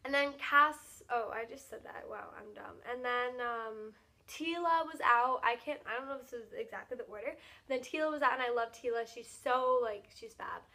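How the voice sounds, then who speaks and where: Gushing young woman with a bright voice. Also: a little high. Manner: gushing, fast, filler-heavy with lots of "like". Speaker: vlogger. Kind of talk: excited casual recap.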